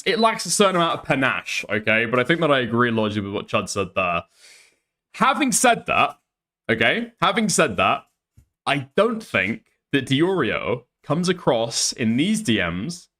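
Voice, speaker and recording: A man's voice: medium pitch, big pitch swings, fairly quick, fairly bright tone. A man doing casual reaction commentary as a streamer, blunt and profane, tagging his points with "okay?".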